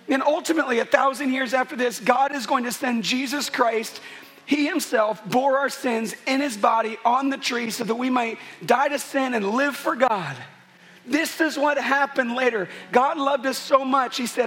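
A man's voice: very high voice, moderate pace, fairly bright tone, faint music behind. A man preaching a sermon at a church service, earnest and building to emphatic peaks. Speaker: pastor.

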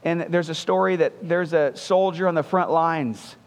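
A male pastor with a high-pitched voice gives an earnest, conversational sermon. He leans on repeated phrases to drive each point home. His voice rings with the long reverb of a church hall. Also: fairly even intonation, normal speed.

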